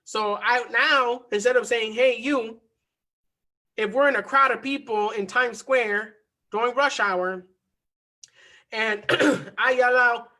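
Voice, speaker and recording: A man teaching a motivational online coaching lesson on marketing and mindset, energetic and repeating key phrases for emphasis. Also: extremely high pitch, takes it slowly.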